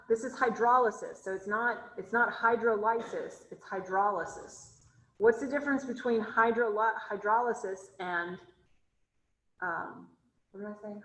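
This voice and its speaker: A woman's voice: a little high, a bit bright, roomy sound, poor audio. Woman teacher quizzing her class online. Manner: asks students questions, thinks aloud while drawing. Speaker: chemistry instructor. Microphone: video call.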